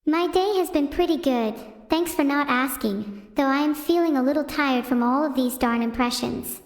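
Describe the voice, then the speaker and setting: Give me a deadpan synthetic girl doing stand-up for her chat, with a long reverberant tail. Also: high-pitched, moderate pace. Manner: deadpan, chatting with viewers. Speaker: AI streamer host. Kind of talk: stand-up comedy stream. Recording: roomy reverberant sound.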